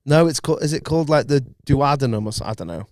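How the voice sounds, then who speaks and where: A man's voice: medium pitch, fast, darkish tone, dry recording. A man appearing as a guest on a podcast in a studio, chatting casually in a wry, lightly sweary manner. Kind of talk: casual chat.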